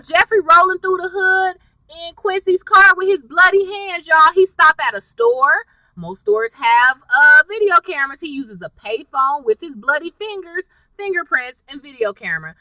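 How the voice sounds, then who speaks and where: A woman giving a chatty, animated recap of a TV episode, talking straight to her viewers. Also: a little high, no echo, distant mic, poor audio. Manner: animated, chatty storytelling, addresses viewers directly. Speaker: TV episode reviewer.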